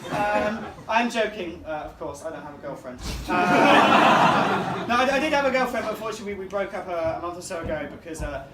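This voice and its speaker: A man's voice: sits high, expressive, fairly quick. A young man works through a stand-up set at a pub comedy night, self-deprecating and chuckling at his own lines. He is heard from a distance in an echoey room, with a noisy crowd around him. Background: audience laughter and room ambience.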